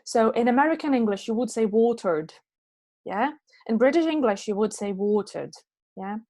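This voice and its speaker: A woman's voice: fairly high pitch, animated, fast, darkish tone. A woman English teacher answering chat questions after an online lesson, patiently checking that her answers land, speaking into an online meeting microphone. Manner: patient, checks understanding with "yeah?" and "okay?".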